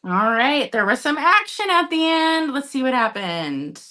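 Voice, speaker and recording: A woman's voice: high voice, big pitch swings, a little slow, bright, forceful tone. A woman hosting a casual live-stream vintage sale from home, chatty and upbeat, talking to her chat. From Minnesota.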